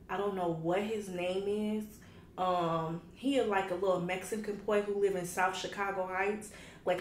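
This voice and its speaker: A woman's voice: medium pitch, a little hiss or hum. A woman in her twenties, a food vlogger chatting candidly and with plenty of slang straight to her viewers at home. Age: 20s. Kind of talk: casual chat to camera while eating. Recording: roomy home recording with faint ambience.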